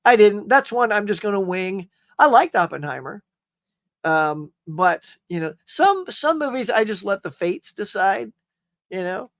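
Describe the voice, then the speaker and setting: A man's voice: high-pitched, sing-song, unhurried, a bit bright, dry recording, clean studio sound. A man hosting a casual live stream, rambling cheerfully, greeting viewers and reading their comments, often saying "y'all" and "man.".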